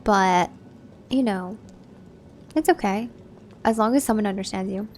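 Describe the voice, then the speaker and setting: With a medium-pitched, darkish voice and a slightly slow pace, this young woman from Southern California hosts a laid-back livestream. She chats casually, reading viewer messages and replying, over slight background noise.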